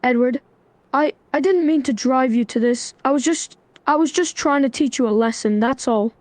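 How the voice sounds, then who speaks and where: A woman's voice: high-pitched, moderate pace, no room sound. Synthetic woman narrator, dry and close. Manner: even, scripted, melodramatic prose. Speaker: AI chatbot narrator. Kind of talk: text-to-speech story narration.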